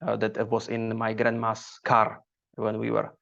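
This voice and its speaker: A man with a Slovak accent talks in a halting, casual way, stopping often on fillers and restarts. His voice is gravelly and fairly flat in pitch. The recording is dull and lo-fi. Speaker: stand-up comedian guest. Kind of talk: casual podcast chat.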